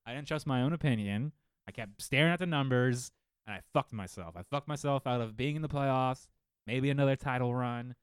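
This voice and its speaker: A man co-hosting a casual fantasy football podcast, telling stories in a lively, profane way from a home studio. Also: medium pitch, a little fast, clear, resonant tone, dry recording. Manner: animated, profane storytelling. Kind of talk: casual chat. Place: home studio living room.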